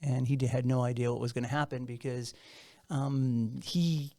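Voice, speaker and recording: A man's voice: mid-range voice, fairly even intonation, normal speed, mellow. A man in his fifties hosting a podcast, chatting casually and playfully, joking and laughing often. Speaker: podcast host. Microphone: studio microphone.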